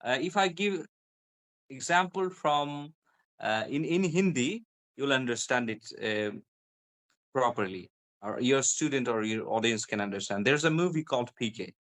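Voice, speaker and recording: A man's voice: mid-range voice, lively intonation, normal speed, fairly bright tone. A man with a British accent explaining pronunciation as a guest, repeating example words to show stress and intonation. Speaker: guest English pronunciation speaker. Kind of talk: explanatory conversation.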